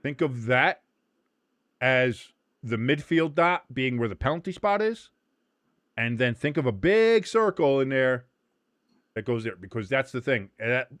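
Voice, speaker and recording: Profane, animated American man hosting. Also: medium pitch, unhurried, dry recording. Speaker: host. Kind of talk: casual watch-along chat.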